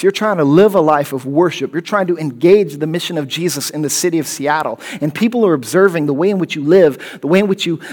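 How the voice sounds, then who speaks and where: Man preaching with rising emphasis. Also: on the high side. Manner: emphatic preacher, repeats phrases and rises to loud questions. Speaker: pastor. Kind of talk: sermon.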